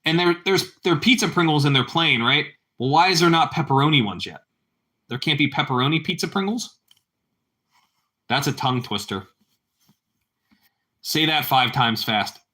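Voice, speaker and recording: Bright-voiced casual streamer guy. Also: fairly high pitch, animated, moderate pace, long pauses. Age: adult parent. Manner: rambling, repetitive, calls viewers bro. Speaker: livestream host. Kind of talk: casual livestream chat with viewers.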